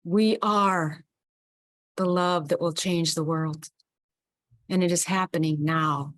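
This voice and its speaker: A woman's voice: on the low side, steady tone, slow, long pauses, no echo. A woman hosting the close of an online summit over a video call, effusive and heartfelt, leading a guided visualization. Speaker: summit host. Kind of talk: closing remarks on a video call.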